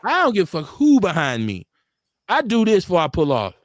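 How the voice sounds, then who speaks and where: A man's voice: high-pitched, wildly swooping pitch, a little fast, no room sound. A middle-aged man from Milwaukee hosting a casual live-stream talk show, telling street stories with blunt, profane slang. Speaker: radio show host.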